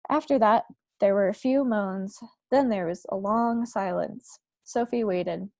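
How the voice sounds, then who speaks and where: A woman reading a children's novel aloud to a book club in a steady storytelling manner. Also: mid-range voice, unhurried, dry recording.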